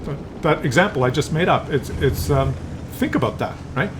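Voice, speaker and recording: A man's voice: a little high, lively intonation, normal speed, background noise. A man doing casual YouTube commentary, rambling conversationally with many fillers and restarts. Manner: drops into brief acted voices for examples.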